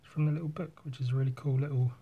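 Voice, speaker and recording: A man's voice: mid-range voice, steady tone, very fast, slightly rough, muffled recording. A man in casual chat while drawing, rambling through a story and swearing often. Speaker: artist.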